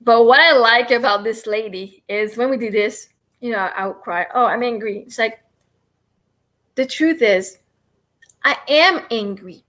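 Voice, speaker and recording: Her slightly high, somewhat bright voice keeps a measured pace. As host of a casual livestream on tapping, she explains and demonstrates it with chatty, self-deprecating rambling.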